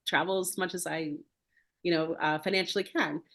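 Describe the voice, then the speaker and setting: A woman's voice: on the low side, fairly even intonation, normal speed, a bit bright. A woman hosting a podcast, telling a personal story in a casual, chatty way full of filler words. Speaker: podcast host.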